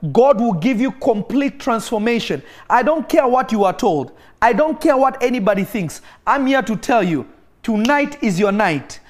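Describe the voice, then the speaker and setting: A man's voice: extremely high pitch, expressive, moderate pace. A man preaching a sermon to an online audience. He tells a healing story and exhorts his listeners with emphatic, repeated phrases, at times breaking into praying in tongues.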